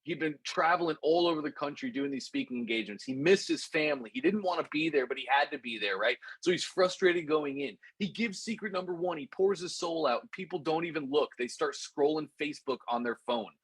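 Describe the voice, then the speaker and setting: A man teaching a course, telling a lesson story in an animated, repetitive way and calling his listeners "guys". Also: a little high, fairly quick, few pauses, slightly rough, no echo. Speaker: course instructor.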